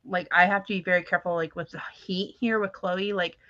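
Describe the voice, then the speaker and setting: A young woman chats casually on a podcast, telling her stories with lots of laughter and acted-out quotes. Her voice is bright and the sound is dry and a little dull. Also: on the low side, a little fast, no echo. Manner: animated storytelling, laughs often, acts out quotes. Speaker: podcast co-host. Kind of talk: casual chat.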